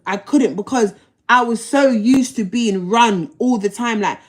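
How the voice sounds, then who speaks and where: A livestream host, a woman whose voice sits on the high side, speaks a little slowly as she tells a personal story. She's blunt, leans on slang and profanity, and often repeats herself.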